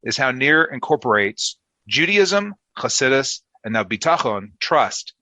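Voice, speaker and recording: A man co-hosting a podcast talks in a chatty, joking way. His voice is bright and forceful, recorded dry and close to the mic. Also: mid-range voice, very animated, measured pace, no room sound. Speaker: podcast co-host. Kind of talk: casual podcast interview.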